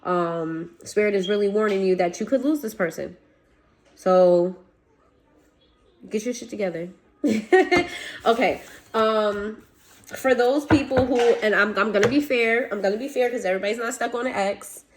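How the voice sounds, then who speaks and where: A woman's voice: medium pitch, moderate pace, background noise. Blunt woman giving a tarot reading. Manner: blunt, swears, laughs, talks straight to viewers. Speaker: tarot reader. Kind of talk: casual tarot reading to camera.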